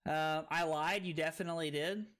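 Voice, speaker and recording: A man streaming a card game live, excitable and tipsy, swearing and bursting into yells. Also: fairly high pitch, fairly quick.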